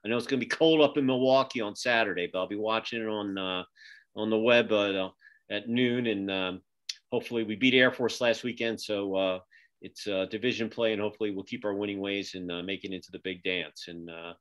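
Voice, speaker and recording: His voice sits on the low side with fairly even intonation, brisk and fairly bright. A middle-aged podcast host and magazine publisher, he's signing off a casual interview over a video call from his home office, rambling with frequent fillers and restarts.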